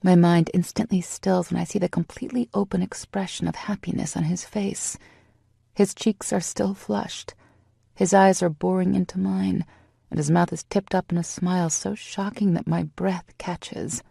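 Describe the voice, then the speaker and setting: Gravelly, husky woman audiobook narrator. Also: fairly low pitch, fairly even intonation, normal speed, mellow, dry recording, studio quality. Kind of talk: first-person romance audiobook narration.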